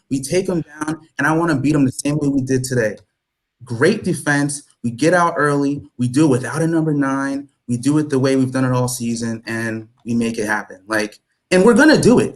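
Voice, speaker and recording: A man's voice: on the high side, low-quality recording. A man in his twenties, a guest on a casual fan chat, talking enthusiastically with lots of "like" and some swearing. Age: 20s.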